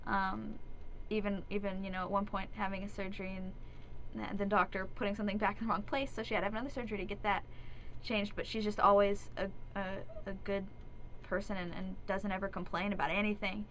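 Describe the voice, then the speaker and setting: A young actress chats earnestly as a guest in a radio studio, often breaking into giggles. Her voice is bright and clear. She talks at an average pitch into a studio microphone. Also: level tone, fast talker, slight background noise, poor audio. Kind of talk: casual radio interview.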